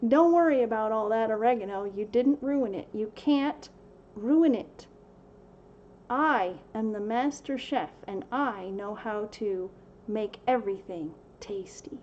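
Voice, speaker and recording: Slow, laughing woman on a livestream. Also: fairly high pitch, a little mellow, highs cut off, a little hiss or hum. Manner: laughs often, emotional, tearful at times. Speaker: livestream host. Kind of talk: casual devotional livestream talk. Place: home.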